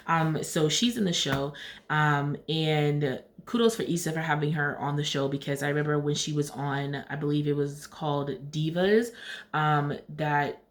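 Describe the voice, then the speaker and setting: A woman casually recapping a TV episode, chatty, retelling scenes in paraphrased dialogue. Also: deep voice. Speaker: TV recap vlogger.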